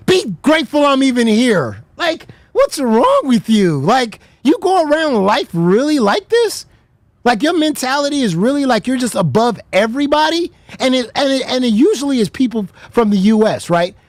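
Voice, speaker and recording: Brief: American woman hosting a reaction show, blunt and profane, lively swings in pitch, dry close sound. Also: normal speed, dry recording. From United States. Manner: blunt and profane, mocking with laughter. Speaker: host. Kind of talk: heated reaction commentary.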